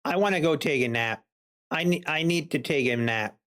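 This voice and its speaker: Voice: medium pitch, moderate pace, fairly bright tone. A day trader talking to a live-stream chat, muttering exasperated complaints and playful teasing.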